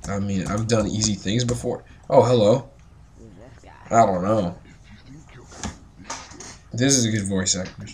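Drunk male gamer, lowish voice, profane, rambling play-by-play, jokey. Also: measured pace, long pauses, darkish tone. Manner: profane, rambling, joking asides. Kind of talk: casual gameplay commentary.

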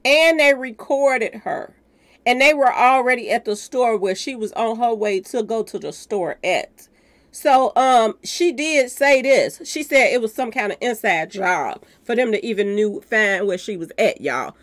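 Animated woman hosting a gossip channel. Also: on the high side, a little slow. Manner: talks straight to viewers, calling them y'all. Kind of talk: commentary on a news clip.

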